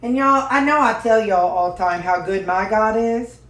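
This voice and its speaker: A woman's voice: mid-range voice, moderate pace, noisy background. A woman chatting folksily to viewers while cooking in her home kitchen. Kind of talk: casual cooking vlog chat. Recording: echoey kitchen with dish clatter.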